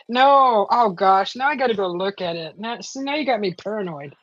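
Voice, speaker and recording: A chatty woman hosting a livestream from home, reading out viewer comments and rambling with plenty of "uh" fillers. Her voice sits in a middle pitch, and the sound is dry and a little dull and lo-fi. Faint music plays under her talk. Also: animated, moderate pace, few pauses, dry recording. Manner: chatty, rambling, many "uh" fillers, laughs often. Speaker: livestream host.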